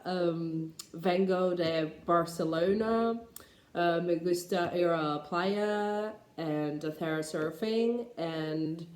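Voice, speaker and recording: A clumsy English-speaking learner stumbling through Spanish with a thick, overdone foreign accent, as a teacher puts her on. The voice sits fairly low and rings in a roomy, echoing space. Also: a little mellow.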